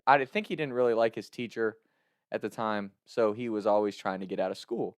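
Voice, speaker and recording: A man's voice: medium pitch, dry recording, studio quality. A man telling a personal story in a casual way, often laughing as he talks. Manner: laughs often while talking, animated retelling.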